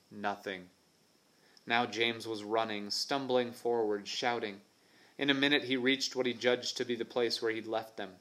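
A man reading a children's novel aloud in a measured, suspenseful narrating voice. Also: mid-range voice, steady tone, bright, forceful tone. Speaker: reader.

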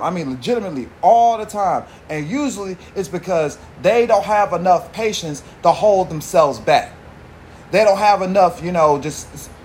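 A high-pitched man runs a solo podcast. He rambles and swears freely, heavy on slang. A faint hiss of noise sits under his voice. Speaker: podcast host. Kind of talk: casual monologue.

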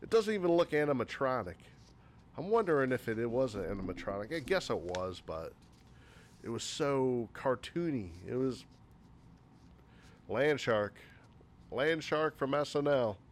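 A man at an ordinary mid pitch picks apart a movie in a loose, rambling way. He talks casually and sarcastically, dropping swear words freely as he lists complaints. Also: lively intonation, unhurried, pauses often, a little hiss or hum. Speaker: movie reviewer. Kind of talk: casual spoken movie critique.

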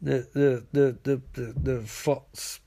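A man's voice: mid-range voice, fairly even intonation, slow pace, gravelly, dark tone. A stammering, sheepish male supervillain who rambles through his excuses, as a man puts him on. It stays close to the man's own plain voice. It is a comic retelling of a show. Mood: rambling.

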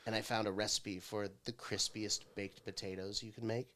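A man with a bright, forward voice chatting on a podcast. He jokes constantly and swears easily, and his delivery is animated. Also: on the low side, moderate pace, a little hiss or hum. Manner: animated, jokey, swears casually. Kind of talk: casual chat.

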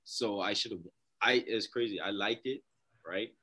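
Laid-back young man, low voice. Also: a little slow, breathy edge. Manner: laid-back, soft-spoken, laughs while telling stories. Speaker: guest, professional baseball player. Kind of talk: casual interview chat.

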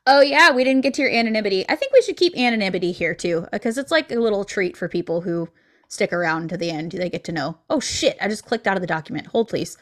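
A woman's voice: mid-range voice, animated, quick pace, fairly bright tone. A woman co-hosting a podcast in casual chat, chatty and easily sidetracked, swearing now and then. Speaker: podcast co-host.

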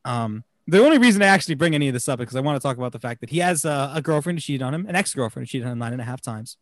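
A man from New Jersey co-hosting a casual movie discussion, animated, laughing often and restarting his sentences. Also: mid-range voice, rapid-fire, no echo, clean studio sound. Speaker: podcast co-host.

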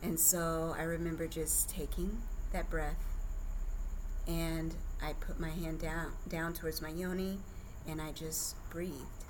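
Candid, chatty woman, fairly low voice. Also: little pitch movement, slow, slight background noise, low-quality recording. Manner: candid, chatty, laughs often. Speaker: podcast guest. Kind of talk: casual birth story telling.

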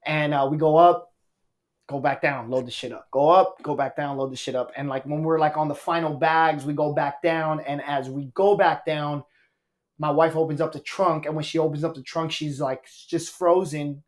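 A man's voice: on the high side, normal speed. A man, a stand-up comedian, telling a story on a podcast in a casual, profane way and acting out quotes. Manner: animated, profane, acts out quotes.

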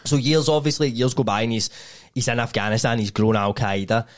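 A young man hosting a podcast and walking through a story in loose, casual chat. His voice sits at an ordinary, middle pitch. He acts out other people's words in quick bursts and swears freely along the way. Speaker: podcast host.

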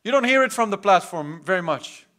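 A man preaching a charismatic sermon in a church hall, his voice sitting unusually high. He swings from loud, fervent exhortation to quiet asides, and his tone rings bright and forceful through a stage mic. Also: lively intonation, a little fast. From South Africa. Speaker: pastor.

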